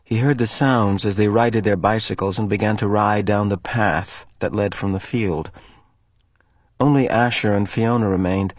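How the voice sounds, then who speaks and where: A male teacher reading a novel aloud to his class in an expressive, storytelling way. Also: on the low side, moderate pace, dry recording.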